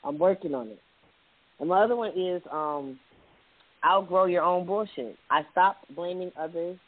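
A man co-hosting a casual talk show, talking reflectively and reading short quotes aloud, sometimes in quick bursts. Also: high voice. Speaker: podcast co-host. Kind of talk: casual chat with read-out quotes. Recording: tinny phone-like dry sound.

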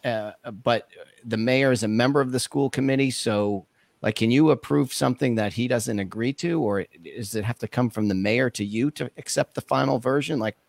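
A man's voice: medium pitch, moderate pace, vocal fry, no echo. A man hosting a casual interview, asking probing follow-up questions.

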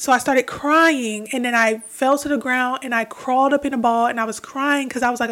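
A woman's voice: high voice, fairly even intonation, fairly quick, hardly any pauses, fairly bright tone. A young adult woman talking alone on her spiritual podcast, earnest and reflective, repeating phrases for emphasis. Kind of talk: solo spiritual podcast talk.

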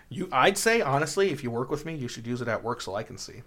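A man hosting a comedy podcast, chatting casually in a deadpan joking way, with now and then a loud mock bit. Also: mid-range voice, fast talker, a little hiss or hum. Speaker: podcast host.

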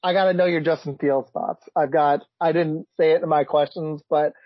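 Male podcast host, husky and a bit high, excitable; dry, dull lo-fi audio. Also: moderate pace, no room sound. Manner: excitable, blurts reactions, laughs often. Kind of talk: casual sports chat.

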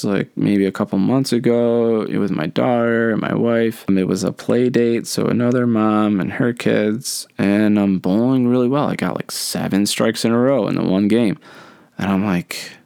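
A man's voice: lowish voice, a little slow, creaky, a little mellow, smooth, no echo, clean studio sound. A man in his thirties hosting a solo podcast, chatting in a rambling, easygoing way with many fillers. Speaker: podcast host. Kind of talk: casual solo podcast chat.

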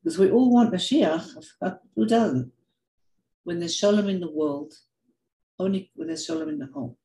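An older woman giving a heartfelt personal talk, telling stories in an earnest, animated way and often repeating words. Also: lowish voice, moderate pace, echoey room, a little hiss or hum, poor audio. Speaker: speaker sharing reflections.

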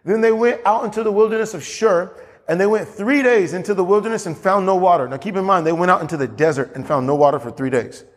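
A pastor preaching a sermon in a church, getting animated and climbing high as he acts out scripture. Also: fast talker, big-room sound.

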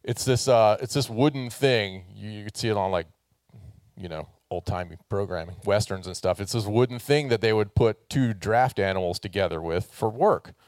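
Low-voiced man preaching a casual sermon. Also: normal speed, darkish tone, no room sound, clean studio sound. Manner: casual, joking, talks with the congregation. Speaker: pastor.

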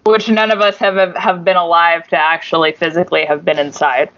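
A woman's voice: lowish voice, fairly even intonation, a little fast, a bit bright, no echo, muffled recording. A woman co-hosting a podcast, telling a road-trip story in a laid-back casual chat and swearing freely. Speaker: podcast co-host.

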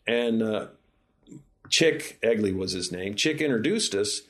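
A man's voice: lowish voice, expressive, measured pace. A man, a film director guest, telling long behind-the-scenes anecdotes in a casual interview, often restarting his sentences. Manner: rambling anecdotes with many restarts.

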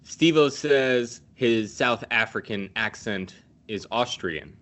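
A man's voice: fairly low pitch, expressive, takes it slowly, fairly bright tone. A man casually recapping a movie scene by scene, swearing freely and laughing at his own jokes. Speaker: podcast host recapping a film.

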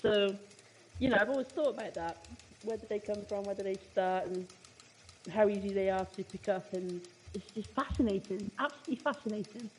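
A woman's voice: mid-range voice, brisk, a little hiss or hum. A woman co-hosting a radio talk show, chatting and musing with enthusiasm. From United Kingdom. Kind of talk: casual radio chat.

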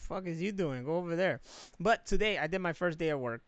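A man co-hosting a casual chat, telling a story in an animated, profane way with lots of laughter. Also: fairly high pitch, fast, clean tone, no room sound.

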